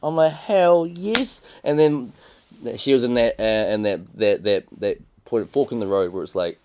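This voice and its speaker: A man's voice: fairly low pitch, normal speed, darkish tone, clean tone. A man with a New Zealand accent, co-hosting a podcast in rambling casual chat, swearing often. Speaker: podcast co-host.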